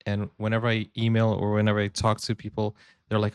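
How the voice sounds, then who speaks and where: A man's voice: on the low side, steady tone, quick pace, clear, resonant tone, no echo, clean studio sound. A man hosting a reaction video, talking casually and acting out little back-and-forth dialogues as he makes his point. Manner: chatty, acts out little dialogues, frequent "like" and "you know".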